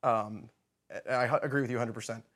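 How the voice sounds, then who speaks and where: Male podcast co-host, mid pitch, wry and joking, laughs easily. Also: steady tone, fast, fairly bright tone. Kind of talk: casual film review chat.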